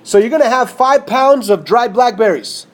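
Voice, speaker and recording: Male math teacher, high voice, casual and conversational, checks understanding often. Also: expressive, moderate pace. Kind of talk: whiteboard math lesson.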